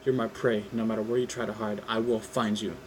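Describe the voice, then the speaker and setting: A man reading a fan script aloud and voicing a menacing male hunter villain who makes quiet threats. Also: on the low side, flat delivery, brisk, a little hiss or hum, close to an everyday voice, rough recording.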